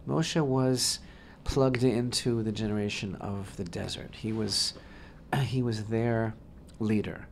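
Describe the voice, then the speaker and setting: On a talk radio Torah discussion, a rabbi co-host with a low, gravelly voice builds long, wordy sentences and leans hard on key phrases. He keeps a steady tone and takes it slowly, with hardly any pauses, often circling back and repeating himself as he works toward a point. A faint hiss sits under the recording.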